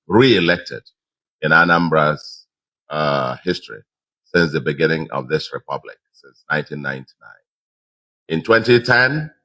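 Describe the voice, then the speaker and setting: A man's voice: extremely low pitch, bright, forceful tone. A man with a Nigerian accent giving an emphatic victory speech to supporters, repeating his key phrases. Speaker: politician.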